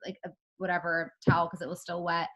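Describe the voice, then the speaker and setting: A woman's voice: lowish voice, level tone, fast talker, a bit bright. A woman chatting casually with a friend over a video call and telling a story, with lots of filler words. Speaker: co-host of an online moms' meet-up.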